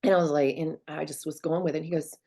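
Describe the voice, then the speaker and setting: A woman's voice: deep voice, steady tone, quick pace, vocal fry, warm tone. A middle-aged woman author chatting casually, telling stories and acting out quoted lines with big swings in her voice. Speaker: author guest. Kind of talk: casual chat.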